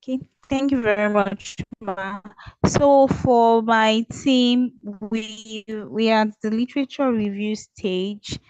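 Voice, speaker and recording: A woman giving a polite, steady update on her team's work on an online call. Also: fairly high pitch, slow, smooth, no echo, lo-fi sound. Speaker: fellowship student. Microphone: video call.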